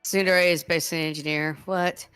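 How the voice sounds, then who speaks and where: A woman streamer chatting casually with a co-host and her chat, blunt and quick to swear. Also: on the low side, fairly even intonation, fairly bright tone, smooth, faint music behind. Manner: blunt, swears a lot, laughs often.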